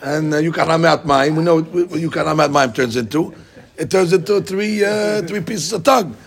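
Fast, gravelly man teaching a text class. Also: a little high. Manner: animated, acts out quoted speakers, repeats words.

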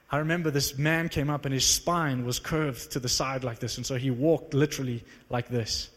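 A man preaching a sermon and telling stories with animated energy, acting out the dialogue. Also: medium pitch, moderate pace, hardly any pauses, long reverb tail. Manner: animated storytelling, acts out dialogue. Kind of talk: sermon with storytelling.

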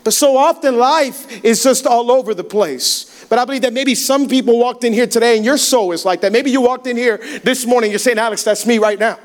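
A man's voice: extremely high pitch, brisk, few pauses. A young man preaching a sermon in a church, telling a story with humor and acting out quoted lines. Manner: animated, humorous, acts out quotes. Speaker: pastor. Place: church sanctuary.

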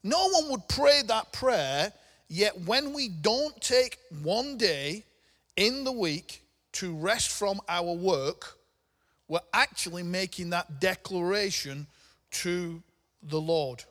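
Man, pastor, chatty sermon, high voice, long hall echo. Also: animated, slow pace, a bit bright. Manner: conversational preaching with humorous asides.

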